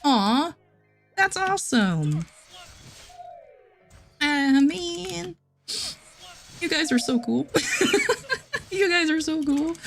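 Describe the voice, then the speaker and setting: Giggly woman chatting on stream. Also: high-pitched. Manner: giggly, chatty, frequent restarts. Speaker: livestreamer reading chat. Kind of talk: casual stream chat.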